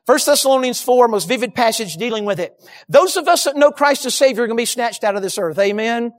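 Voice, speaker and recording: A man's voice: very high-pitched, lively intonation, quick pace. A man preaching a sermon from a church platform, telling stories and addressing the congregation directly. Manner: storytelling, emphatic, addresses congregation.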